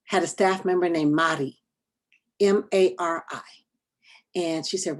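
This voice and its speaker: A woman giving an online training presentation in an earnest, deliberate way, speaking over a video call and trailing into a soft near-whisper at the end of her points. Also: lowish voice, steady tone. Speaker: workshop trainer.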